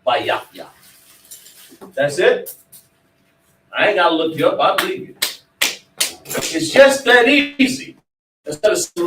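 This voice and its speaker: A man teaches a class with a preacher's emphasis, firing questions at his students. His voice sits a little high. He sounds distant from the mic in a roomy, echoing space. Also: sing-song, a little slow, pauses often, fairly bright tone, a little hiss or hum. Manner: emphatic, quizzes students directly. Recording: echoey room, mic far off.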